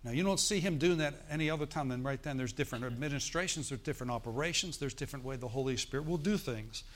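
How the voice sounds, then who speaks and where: Man preaching a lively sermon. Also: mid-range voice, fast talker. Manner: preaching with call-and-response asides; animated storytelling, acts out forced laughter. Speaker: pastor.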